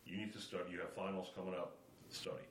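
A middle-aged man on a podcast, telling a family story in a lively, animated way and acting out the quotes. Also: deep voice, quick pace. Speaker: podcast co-host. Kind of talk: casual chat, storytelling. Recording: echoey room with faint ambient noise.

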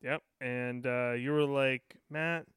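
A man's voice: fairly high pitch, normal speed, fairly bright tone, smooth, no echo, clean studio sound. Joking self-deprecating man on a podcast. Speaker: podcast co-host. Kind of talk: casual chat.

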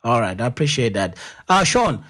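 A man's voice: medium pitch, very animated, normal speed, fairly bright tone. Man with a South African accent. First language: Zulu. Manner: rambling storyteller who laughs easily and uses many fillers. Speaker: podcast host. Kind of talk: casual conversational interview.

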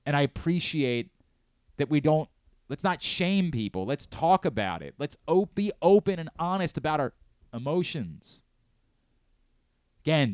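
A man's voice: mid-range voice, a little mellow, clean tone, dry recording. Earnest man hosting sports radio, dry close mic. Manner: earnest and candid, with many stammered restarts. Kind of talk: casual sports talk radio monologue. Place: radio studio. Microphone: close studio mic.

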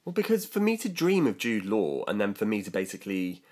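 Young british guy with a low voice, chatting and telling a story, lots of ums. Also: very animated, fairly quick, darkish tone. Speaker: podcast co-host. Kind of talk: casual chat.

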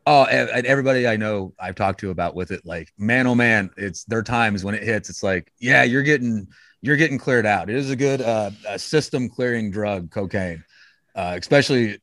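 A man's voice: fairly low pitch, moderate pace, a bit bright, no echo, clean studio sound. A man talking casually as a guest, rambling with many restarts and fillers. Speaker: podcast guest. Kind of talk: casual conversation.

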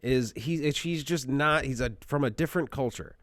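This man talks in a loose, profane, animated way, and he laughs a lot while he tells stories. His voice sits at a middle pitch. It is recorded close and dry, with no room sound. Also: normal speed, no room sound. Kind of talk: casual podcast chat.

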